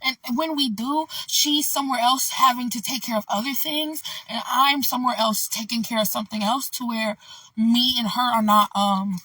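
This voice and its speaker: A woman's voice: on the high side, fairly even intonation, moderate pace, bright, forceful tone, no room sound, far from the mic, poor audio. A woman vlogger telling a casual story in a loose, candid ramble, full of "like" and "you know".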